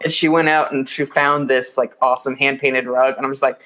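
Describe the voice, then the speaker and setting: A man's voice: mid-range voice, flat delivery, fairly quick, bright, forceful tone. A man co-hosting a casual podcast, rambling along with many likes and uhs. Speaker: podcast co-host.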